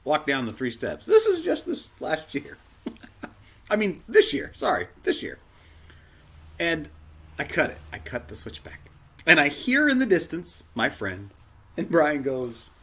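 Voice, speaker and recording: A man's voice: unhurried, creaky, slightly rough. A man preaching a sermon, telling a personal story and acting out the dialogue in it. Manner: animated, acts out dialogue with big pitch jumps. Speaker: pastor.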